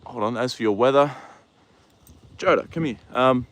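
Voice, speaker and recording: A man's voice: medium pitch, moderate pace. Laid-back young man chatting to his horse. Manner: relaxed, chatty, swears casually, coos at his horse. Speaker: livestream host with his horse. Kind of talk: casual chat reading viewer comments. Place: outdoors at a horse paddock.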